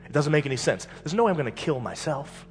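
A preacher doing a coaxing fable scorpion. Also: male voice, on the high side, animated, fast, slight background noise, natural voice. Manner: persuasive, coaxing. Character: smooth-talking male scorpion in a fable. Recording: long hall reverb.

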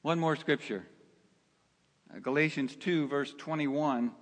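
A male pastor preaching a sermon, slow and emphatic, asking his listeners rhetorical questions. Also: a little high. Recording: long hall reverb.

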